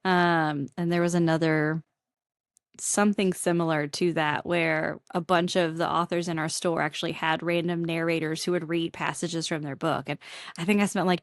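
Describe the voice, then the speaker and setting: A woman who owns a bookstore is a guest on a podcast, chatting in an upbeat way and laughing often. Her voice is a bit low and sounds dry and close. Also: no echo. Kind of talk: casual interview chat.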